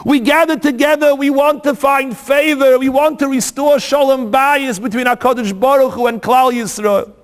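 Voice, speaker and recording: A man's voice: very high voice, steady tone, moderate pace, hardly any pauses. A male rabbi telling a story in a sermon, dramatic and full of rhetorical questions. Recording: long hall reverb.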